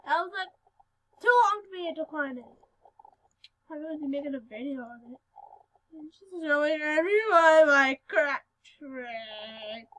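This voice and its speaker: A female speaker giving casual gameplay commentary, giggly and excitable, breaking into sudden loud outbursts. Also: sits high, measured pace, long pauses, poor audio. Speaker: gaming video host.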